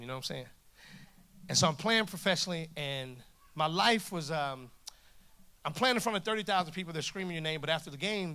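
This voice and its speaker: Man, 40s, preacher, humorous sermon, storytelling, jokey, bright forceful voice, slightly high. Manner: lively, jokey, acts out dialogue. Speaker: guest preacher. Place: church stage before a congregation.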